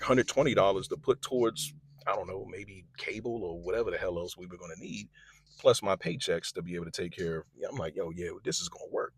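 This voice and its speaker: A man's voice: deep voice, breathy edge, dry recording, clean studio sound. A man telling a personal story in a casual vlog, acting out what other people said. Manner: animated storyteller, quotes others in lively voices.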